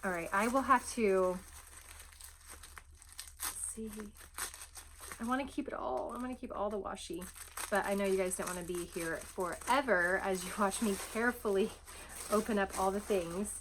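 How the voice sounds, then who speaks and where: A woman chatting casually as she unboxes a gift at home, gushing, breathy and often dropping to soft whispers. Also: mid-range voice, moderate pace, pauses often, background noise. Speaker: vlogger unboxing a gift box.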